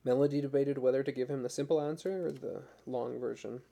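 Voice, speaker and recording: Male audiobook narrator, measured and even, gravelly low voice.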